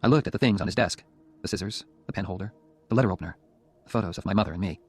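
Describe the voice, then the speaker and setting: A man narrating an audiobook in the first person, in a quiet and subdued way. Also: deep voice, very fast, breathy edge, faint music behind.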